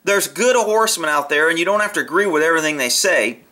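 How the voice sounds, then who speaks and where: A man's voice: on the high side, expressive, fast talker, pushed and bright. A man giving blunt, profane, opinionated commentary over a horse training video.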